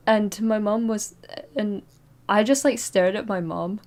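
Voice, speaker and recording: A woman's voice: medium pitch, a little mellow. A young woman chats on her stream mic, winding through a personal story in fits and starts. She trips over her words, circles back, and breaks into small nervous laughs. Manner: rambling, halting, with frequent fillers and nervous laughs. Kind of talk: casual storytelling chat. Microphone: streaming microphone.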